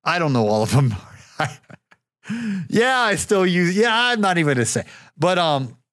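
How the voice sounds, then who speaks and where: A man's voice: fairly high pitch, big pitch swings, moderate pace, fairly bright tone, dry recording, studio quality. A man hosting a podcast, talking alone in a rambling, casual way, repeating words and chuckling now and then. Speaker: podcast host. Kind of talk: solo podcast talk.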